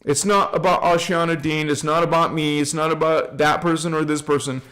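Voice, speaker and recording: A man's voice: a little high, flat delivery, fairly quick, a bit bright. A man giving an informal spiritual talk to viewers, emphatic and repetitive, chanting affirmations and lists of names. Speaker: spiritual channel host.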